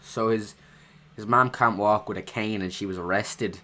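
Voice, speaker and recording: A man casually reacting to a rap track, excitable and swearing freely, often trailing off mid-thought. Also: on the low side, normal speed. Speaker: reaction video host.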